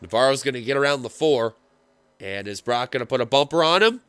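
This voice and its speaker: A man giving play-by-play commentary on a simulated stock car race, getting excitable as the finish nears. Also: mid-range voice, a little fast, clear, resonant tone, dry recording. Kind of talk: play-by-play sim racing commentary.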